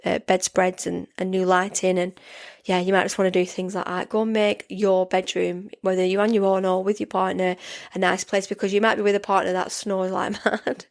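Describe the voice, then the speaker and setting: Creaky and mid-range with little pitch movement, this forties-aged woman's voice moves at a moderate pace as she hosts her casual solo podcast. She rambles and chats, yawning sleepily, with many restarts and repeated "yeah" fillers.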